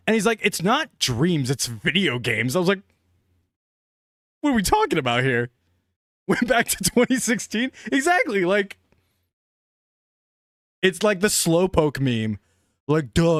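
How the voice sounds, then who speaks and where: A young man chatting casually on a live stream, excitable and laughing often. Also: high-pitched, no room sound, clean studio sound.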